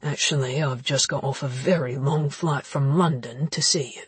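A woman doing a cocky, husky-voiced man. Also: steady tone, normal speed, no echo, exaggerated voice. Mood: teasing. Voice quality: husky, low and hushed. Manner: smug, teasing drawl. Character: cocky teasing adult man, unflappable.

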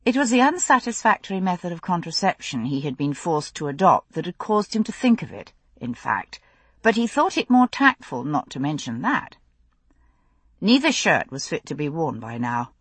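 A woman narrating a novel in an intimate, unhurried storytelling voice on a close studio mic. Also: low-pitched, very animated, husky, no echo. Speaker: audiobook narrator. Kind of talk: scripted narration.

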